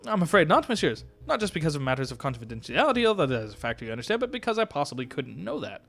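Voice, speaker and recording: A fussy, showy elephant shopkeeper from a game, as a man reads him aloud. The put-on European accent wobbles and drifts from one style to another. Soft music plays underneath. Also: a little high, sing-song, rapid-fire, gravelly, heavily acted. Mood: theatrical. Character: fussy male elephant chocolatier.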